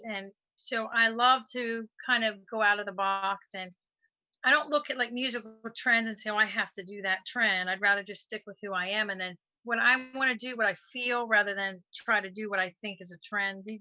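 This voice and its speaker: A woman's voice: medium pitch, steady tone, brisk, sharp tone, no room sound. A woman in her forties, a musician guest, chatting eagerly and rambling a little on a video call from her laptop. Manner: enthusiastic, rambling. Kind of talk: casual chat on a video call. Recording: dull, lo-fi laptop audio with dropouts.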